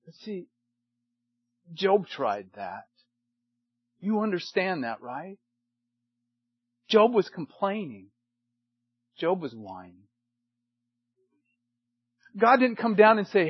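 Husky high-voiced older male preacher. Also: sing-song, slow, long pauses, no room sound, highs cut off. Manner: emphatic preaching, swings from loud to hushed. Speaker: pastor. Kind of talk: sermon to men.

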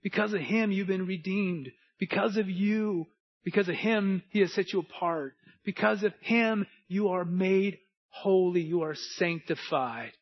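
Pastor, male, fairly high voice, emphatic repetitive preaching, dull lo-fi recording. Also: unhurried. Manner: emphatic, repetitive cadence, builds to shouting. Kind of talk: sermon. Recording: dull lo-fi sound.

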